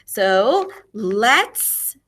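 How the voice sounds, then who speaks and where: A woman teaching a music lesson to young children online. She speaks expressively and clearly, asking questions and then answering them herself. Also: on the high side, big pitch swings, very slow, a bit bright.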